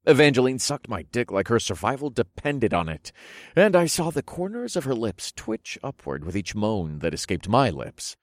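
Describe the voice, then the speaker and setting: A man narrating a first-person story for an audiobook, expressive, moving between low murmurs and loud bursts. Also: normal speed, no room sound, studio quality.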